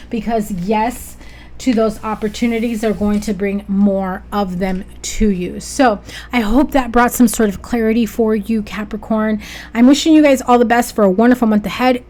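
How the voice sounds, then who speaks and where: Chatty upbeat woman reading tarot, high voice. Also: fairly even intonation, normal speed, darkish tone. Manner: chatty, upbeat, addresses viewers directly with frequent "okay?". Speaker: tarot reader. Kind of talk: casual tarot reading to camera.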